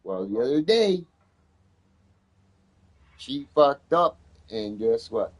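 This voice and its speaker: A man telling a heated story in casual conversation, swearing constantly and getting loud when he retells arguments. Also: mid-range voice, very animated, slow pace.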